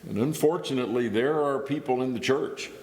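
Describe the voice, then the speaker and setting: A man's voice: mid-range voice, a little fast, darkish tone. A middle-aged man from Indiana giving a guest sermon in a church, talking it through in a conversational way with small restarts. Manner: conversational, thinking aloud with restarts. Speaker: guest preacher. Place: church hall. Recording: reverberant church hall.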